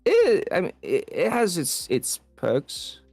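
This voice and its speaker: A man voicing a chain-smoking thirteen-year-old cyborg boy with a French accent, talking haltingly with many fillers. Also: high-pitched, huge pitch swings, darkish tone, dry recording, faint music behind, exaggerated voice. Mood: hesitant. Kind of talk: improvised comedy role-play.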